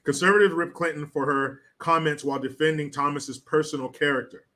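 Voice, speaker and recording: A man's voice: a little high, steady tone, brisk, sharp tone. A man hosting a casual political commentary livestream, sarcastic and blunt, swearing freely.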